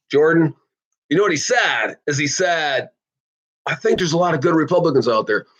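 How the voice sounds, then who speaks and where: A man hosting his own podcast in a loose, blunt monologue. His voice sits a little higher than most men's, and he swings between fired-up outbursts and mumbled asides. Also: a bit bright. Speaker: podcast host. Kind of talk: casual opinion podcast monologue.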